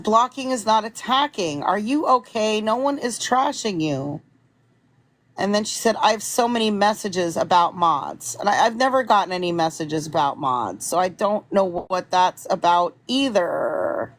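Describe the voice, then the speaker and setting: A woman's voice: medium pitch, no echo, rough recording. A woman, a content creator, retelling an online argument and reading the messages aloud in an exasperated, incredulous way.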